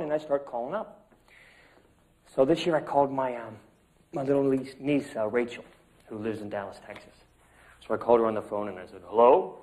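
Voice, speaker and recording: A man tells a story to his acting class at a middle pitch. He talks casually, chatty and a little salty, drifting through fillers and restarts. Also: poor audio. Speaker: acting student.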